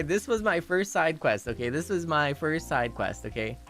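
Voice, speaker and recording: A man's voice: a little high, unhurried, soft background music. A young man streaming, telling a rambling story in casual chat with lots of fillers and restarts. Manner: rambling, animated, lots of "you know" fillers and restarts, laughing at his own story.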